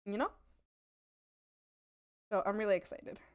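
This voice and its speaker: With a clean, mid-range voice and a measured pace, a young woman talks casually while drawing on an art stream from her apartment. She's bubbly and often lets out squealed exclamations.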